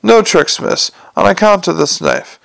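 A man voicing a menacing lowlife male crook who sneers, mocks and lisps a little as he threatens. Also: a little slow, vocal fry, dry recording, exaggerated voice, rough recording. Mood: threatening. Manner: sneering, mocking, lisping slightly.

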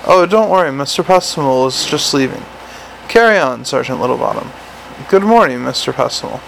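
A man's voice: medium pitch, animated, moderate pace, gravelly, a little hiss or hum, rough recording. A man reading a sardonic weary watch commander. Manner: curt, dry and sardonic. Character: gruff weary male city watch commander. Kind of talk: audiobook character reading.

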